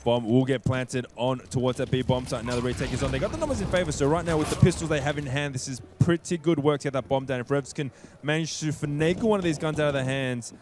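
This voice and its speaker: A man co-casting an esports match, chatty and quick to laugh as he adds color commentary. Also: medium pitch, noisy background. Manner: lively, chatty, laughs easily. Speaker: esports co-caster.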